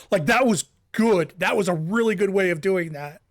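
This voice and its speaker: Rambling through live gameplay commentary, this streamer often begins sentences again and laughs. Speaking at a normal speed with a mid-level pitch, the voice is captured closely and dryly, free of room sound.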